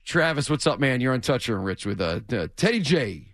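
A man hosting a sports talk radio show, chatty and quick to laugh as he takes calls. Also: mid-range voice, sing-song, a bit bright, no echo, clean studio sound. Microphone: studio mic.

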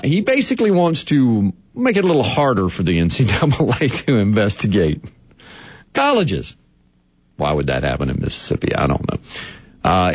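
A man's voice: mid-range voice, no room sound, highs cut off. A man hosting a sports radio talk show, reading a story with amusement and laughing at it.

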